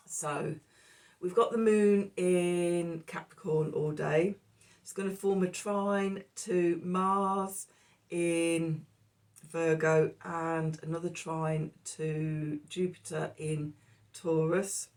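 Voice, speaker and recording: A woman's voice: lowish voice, steady tone, slow pace, darkish tone. Woman, tarot reader, rambling casual talk, coughing, slightly distant mic. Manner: rambling, self-interrupting, with fillers. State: coughing, hoarse.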